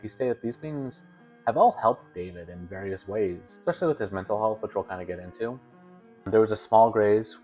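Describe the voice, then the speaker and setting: Rambling young man, lower voice. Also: darkish tone. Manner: rambling, stammering, self-correcting. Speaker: video host. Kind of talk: casual storytelling commentary.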